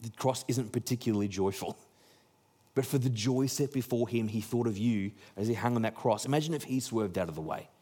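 A man's voice: mid-range voice, brisk, warm tone, slightly rough. A man preaching a sermon in a conversational way, acting out the people he quotes. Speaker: pastor.

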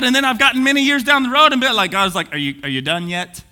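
A man preaching an energetic sermon, swinging from booming to hushed. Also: quick pace, faint music behind. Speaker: pastor. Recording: long reverb of a church hall.

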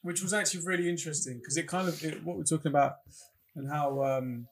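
A man's voice: fairly high pitch, fairly even intonation, fast talker, a little hiss or hum. A man with an English accent co-hosting a casual film podcast, rambling and restarting his sentences. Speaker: podcast co-host.

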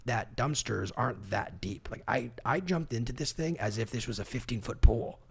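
Gravelly-voiced man telling a story. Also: mid-range voice, normal speed, slight background noise. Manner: animated, self-deprecating, laughs often. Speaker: podcast co-host. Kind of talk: casual storytelling. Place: podcast studio.

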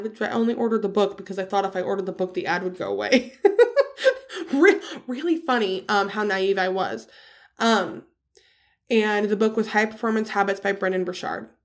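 A woman in her thirties hosting a podcast and talking through a candid, confessional solo monologue with earnest emphasis. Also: mid-range voice. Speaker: podcast host.

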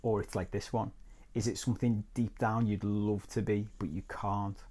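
A man's voice: on the low side, flat delivery, normal speed, warm tone. A man hosting his own coaching podcast and telling a story from childhood. His talk is conversational and reflective, with the odd crude aside. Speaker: life coach and podcast host.

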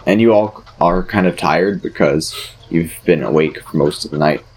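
Deep-voiced man narrating as game master. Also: moderate pace, slight background noise. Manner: relaxed, filler-laden narration.

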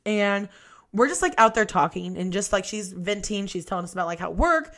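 A woman's voice: medium pitch, lively intonation, a little fast, fairly bright tone. Casual profane young woman storyteller. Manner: candid, profane, laughs often. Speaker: podcast host.

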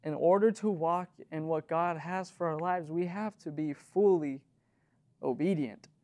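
A man's voice: a little high, unhurried, a little mellow. A young man giving an earnest, conversational sermon as a youth leader, full of fillers and short nervous laughs.

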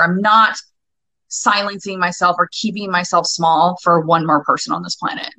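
A woman's voice: lowish voice, fairly quick, bright, forceful tone, no room sound, poor audio. A woman in her forties, a guest coach on a podcast interview, talking in a passionate, emphatic way with plenty of swearing. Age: 40s. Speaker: guest, anger-work coach.

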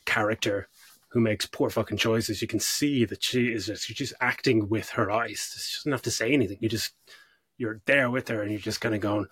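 Husky-voiced man chatting about films. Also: fairly low pitch, normal speed, no room sound. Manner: animated, swearing, acts out scenes. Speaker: podcast co-host. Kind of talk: casual film discussion.

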